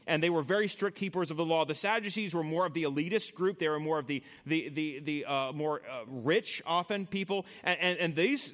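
A man's voice: on the high side, fairly bright tone. Earnest conversational preacher, man. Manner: conversational, addresses listeners directly. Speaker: pastor. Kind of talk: sermon.

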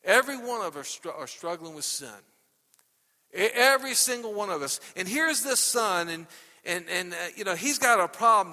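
Animated high-voiced male preacher. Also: in a large hall. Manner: animated, repeats "okay?" constantly. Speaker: pastor. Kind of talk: sermon. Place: church sanctuary. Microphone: microphone.

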